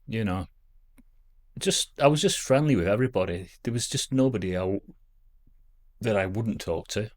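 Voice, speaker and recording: A man's voice: fairly low pitch, lively intonation, normal speed, long pauses, a little mellow. A man, chatting to camera at home in a rambling, self-deprecating way as a vlogger. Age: 50s. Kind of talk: casual reminiscing to camera. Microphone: camera on a stand.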